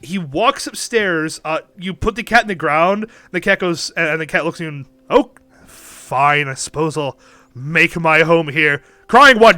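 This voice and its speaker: Bright-voiced man running a tabletop game. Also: a little high, no room sound. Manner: casual, laughing, with many restarts. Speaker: dungeon master.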